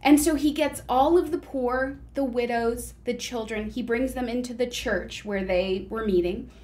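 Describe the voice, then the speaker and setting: A woman co-hosting a casual chat, an animated storyteller who exclaims often. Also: fairly high pitch, a little slow. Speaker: podcast co-host.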